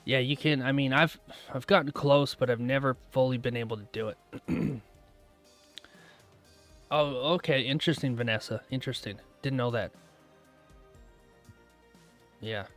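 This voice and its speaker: A man running a day-trading live stream, chatting casually and answering viewers' comments aloud, relaxed and quick to laugh. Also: medium pitch, faint music behind. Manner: relaxed, laughs often, trails off mid-thought.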